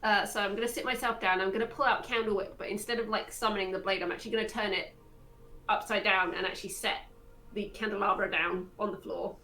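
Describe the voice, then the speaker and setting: A woman's voice: mid-range voice, steady tone, quick pace, pushed and bright, faint music behind, poor audio. A woman playing a tabletop game, hesitantly describing her character's actions with many fillers. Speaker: player. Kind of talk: casual tabletop game play.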